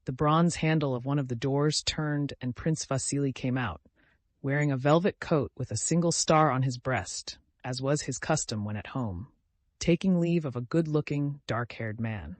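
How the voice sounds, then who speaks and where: A man narrating a classic novel in a steady, measured audiobook reading. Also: mid-range voice, dry recording. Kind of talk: scripted narration.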